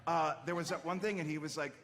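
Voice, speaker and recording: A man speaking as a voice actor on a live convention panel, animated and gushing as he tells a story. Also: a little high, fast, very noisy. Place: large convention hall stage. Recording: reverberant hall with crowd ambience.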